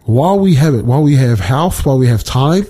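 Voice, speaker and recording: Mellow, husky man in a halting devotional talk. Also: medium pitch, lively intonation. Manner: halting, many restarts and fillers. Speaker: Bible study speaker.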